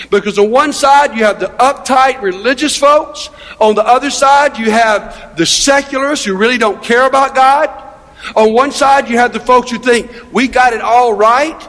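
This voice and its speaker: High-voiced male pastor preaching in a hall. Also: a bit bright. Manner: emphatic, conversational preaching with rhetorical questions. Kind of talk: sermon. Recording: long reverb of a large hall.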